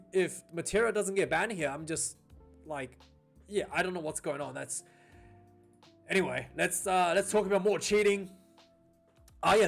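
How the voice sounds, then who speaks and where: A man's voice: fairly high pitch, fairly bright tone. A man hosting a casual rugby news vlog, rambling, with frequent restarts and repeated words.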